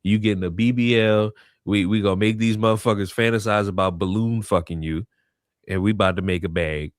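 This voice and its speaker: A young man with a low voice trades crude banter, deadpan and blunt, swearing freely. He sits close to the mic in a dry, dead room. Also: fairly quick, no echo. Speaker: co-host.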